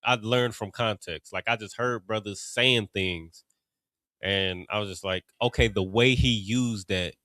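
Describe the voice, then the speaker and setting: Man, Ohio accent, low voice, relaxed class teacher, dry sound. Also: measured pace, no room sound. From Cincinnati, Ohio. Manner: conversational, loose, many fillers and restarts. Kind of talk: casual teaching talk.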